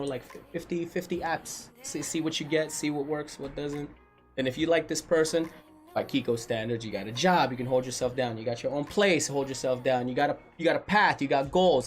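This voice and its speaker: A married man hosting a casual stream, chatting and reading viewer messages aloud as he tells stories. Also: on the high side. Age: adult, married. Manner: animated storyteller, reads chat messages aloud. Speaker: stream host reading chat. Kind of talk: casual chat.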